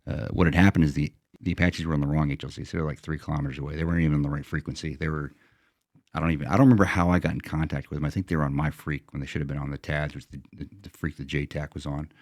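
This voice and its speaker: A man's voice: extremely low pitch, steady tone, rapid-fire, darkish tone, dry recording, clean studio sound. A middle-aged American veteran man telling a combat story in a plain-spoken, casual way, slipping into quoted self-talk. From United States.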